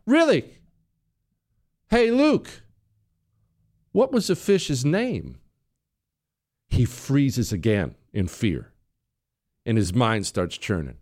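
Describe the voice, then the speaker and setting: An American radio talk show host tells a casual story as a monologue. He's animated and punchy, with wide swings in pitch.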